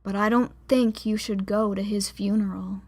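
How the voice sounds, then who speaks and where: A woman's voice: mid-range voice, fairly even intonation, moderate pace, natural voice. A woman narrator voicing a weary woman gym teacher who speaks in a tired, soothing and patient way. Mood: weary gentle.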